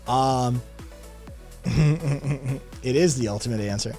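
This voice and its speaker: A man's voice: mid-range voice, lively intonation, unhurried, soft background music. Rambling profane man chatting with viewers. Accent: slight Southern drawl at times. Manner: rambling, profane, answers chat. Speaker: podcast host. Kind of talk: casual livestream chat.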